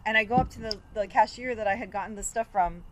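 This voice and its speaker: A woman in her thirties chats on a podcast and tells an everyday story with animated, expressive delivery. She acts out her own reactions as she goes. A faint noise hangs behind her voice. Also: medium pitch, quick pace. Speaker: podcast co-host. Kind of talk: casual chat.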